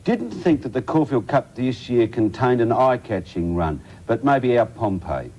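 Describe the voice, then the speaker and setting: Brief: Australian male racing reporter, dark warm tone, measured, muffled broadcast sound. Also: medium pitch, sing-song. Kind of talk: sports broadcast.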